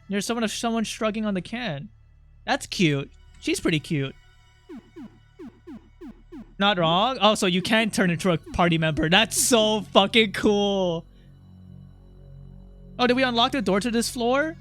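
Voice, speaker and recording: A young man streaming a video game, chatting casually, swearing, getting excited and reading the game's text aloud. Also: high voice, a little slow, long pauses, faint music behind. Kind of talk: casual gameplay commentary.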